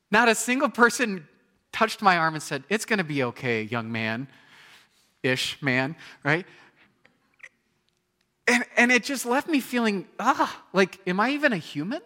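A man in his thirties delivers a sermon as a pastor, telling stories with lively energy and acting out scenes with sudden loud outbursts. His voice is bright and forceful and sits fairly high. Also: unhurried, long pauses. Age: 30s.

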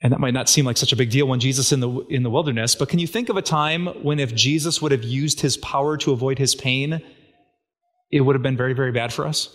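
Speaking at a quick pace in a medium-pitched voice, a man preaches as a pastor. His sermon is casual and conversational, and he poses rhetorical questions to his listeners.

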